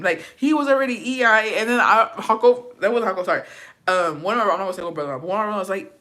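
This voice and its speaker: A woman's voice: medium pitch, rapid-fire. Young woman vlogger, swears a lot, mixes in spanish, chatty storytime. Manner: profane, animated, switches into Spanish. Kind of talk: casual storytime chat.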